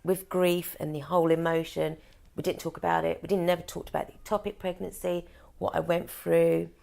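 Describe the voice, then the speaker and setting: A woman's voice: fairly low pitch, level tone, brisk, creaky, mellow. A woman who is a podcast guest, telling a personal story in a candid, matter-of-fact way. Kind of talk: personal conversation.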